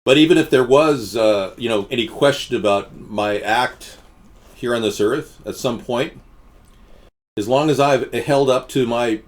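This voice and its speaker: A man hosting a casual live stream, rambling and answering chat comments with frequent restarts. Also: mid-range voice.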